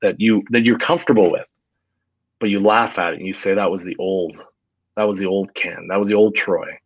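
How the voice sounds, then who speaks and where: Energetic male interview guest, lower voice, dull lo-fi remote audio. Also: a little fast, slightly rough, no room sound. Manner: energetic, motivational, tells stories. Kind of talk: casual interview storytelling.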